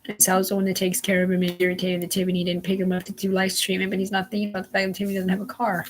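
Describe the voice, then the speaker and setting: A woman's voice: mid-range voice, monotone, rapid-fire, a little hiss or hum, low-quality recording. A woman hosting a livestream, telling a rambling, profane story and often dropping to a whisper. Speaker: livestream host.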